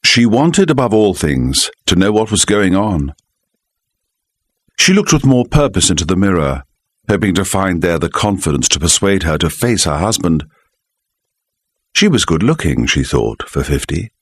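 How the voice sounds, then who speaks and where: A man reading a mystery audiobook, telling the story in a measured, expressive manner into a close microphone. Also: low voice, no echo. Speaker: audiobook narrator. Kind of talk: scripted narration.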